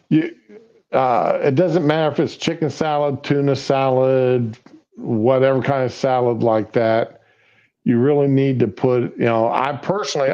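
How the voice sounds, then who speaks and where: Man, casual co-host, halting and filler-heavy delivery, slightly muffled audio. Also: medium pitch, warm tone. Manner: hesitant, halting, many fillers. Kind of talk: casual chat.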